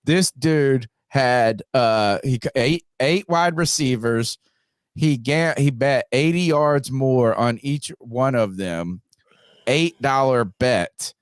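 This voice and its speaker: A man's voice: mid-range voice, slow pace, clear, resonant tone, no room sound. A man hosting a sports podcast in casual chat, keeping it upbeat and moving along. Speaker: podcast host.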